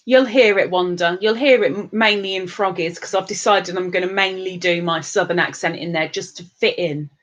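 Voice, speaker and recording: A woman's voice: fairly low pitch, normal speed, hardly any pauses, fairly bright tone. An English woman hosting a live stream, chatting casually and rambling with restarts as she reads out viewer comments. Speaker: livestream host.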